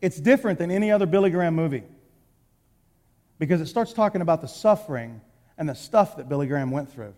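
A man with a Texan accent preaching a sermon, telling a personal story and acting out his own words, going from hushed to shouting. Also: fairly high pitch, quick pace. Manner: animated, acts out quotes, swings from hushed to shouting. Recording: long hall reverb.

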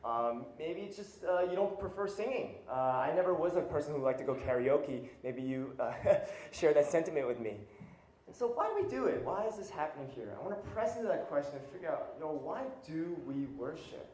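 Male pastor preaching a sermon; relaxed, dark-toned, chatty delivery with rhetorical questions, recorded in a reverberant sanctuary. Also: on the high side, brisk, a little hiss or hum. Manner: conversational, questioning, with fillers. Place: church sanctuary.

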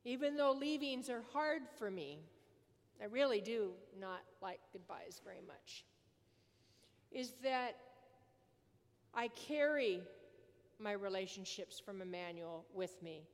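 A woman's voice: mid-range voice, takes it slowly, long pauses. A woman priest giving a sermon in an earnest manner, leaning on repetition for emphasis, in a large church. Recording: long church reverb.

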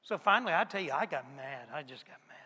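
A man voicing the hot-tempered fisherman apostle Peter in a dramatic first-person sermon monologue, swinging between loud outbursts and hushed whispers. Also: on the high side, animated, quick pace, husky, long reverb tail, pitched below the performer's own voice, heavily acted. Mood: agitated.

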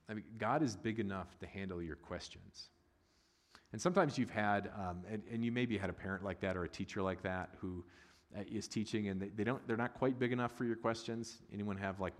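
A middle-aged male pastor with a fairly low voice preaches in a casual, joking way and now and then breaks into loud, excited bursts. His voice rings with the long reverb of a large church hall. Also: brisk. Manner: conversational and humorous, rising to loud excited bursts. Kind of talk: sermon.

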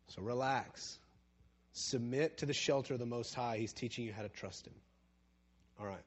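Husky-voiced male preacher, conversational. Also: mid-range voice, normal speed, long pauses. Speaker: pastor. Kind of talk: sermon.

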